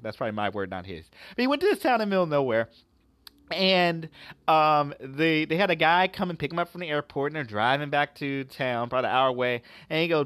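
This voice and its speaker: A man's voice: fairly high pitch, animated, fairly quick, a bit bright, dry recording. A man hosting a podcast, giving religious and political commentary with emphatic rhetorical questions.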